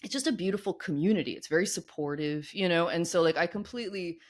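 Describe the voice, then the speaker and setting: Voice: mid-range voice, fast. A podcast host chatting enthusiastically with a guest, often adding "like" and "right?". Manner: enthusiastic, many "like" and "right?" tags. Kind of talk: casual interview chat.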